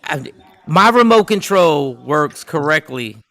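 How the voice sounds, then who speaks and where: A man hosting a casual morning talk show, telling stories in an animated, playful, ranting way. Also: on the high side, takes it slowly, no echo. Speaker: show host.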